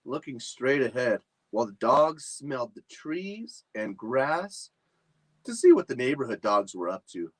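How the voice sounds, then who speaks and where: A man reading a chapter book aloud for children at a library storytime, in an expressive, animated manner. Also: medium pitch, unhurried, poor audio.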